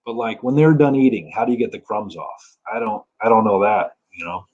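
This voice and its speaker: A man's voice: lowish voice, expressive, brisk, darkish tone, slightly rough, muffled recording. A young man from New Jersey with a New Jersey accent, doing a dry, complaining stand-up set. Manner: dry, self-deprecating, complaining. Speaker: stand-up comedian.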